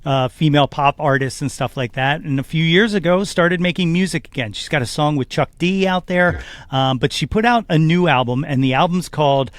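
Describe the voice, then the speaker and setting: Rambling, somewhat high-voiced man. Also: a little fast, no room sound. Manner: rambling, filler-heavy, enthusiastic about tunes. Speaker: podcast co-host and former DJ. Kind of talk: casual chat about music.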